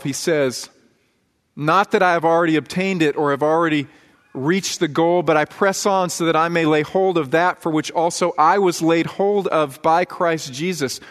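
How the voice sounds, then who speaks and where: A man with a fairly high voice preaches to his congregation in an earnest, conversational way, weaving personal stories into the sermon. His voice rings out with a long reverb from the church sanctuary. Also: fairly bright tone. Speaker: pastor.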